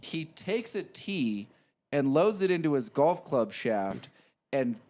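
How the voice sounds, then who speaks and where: A man's voice: mid-range voice, takes it slowly. A man co-hosting a podcast, telling a story step by step in casual chat. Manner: animated storyteller, retells scenes step by step. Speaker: podcast co-host.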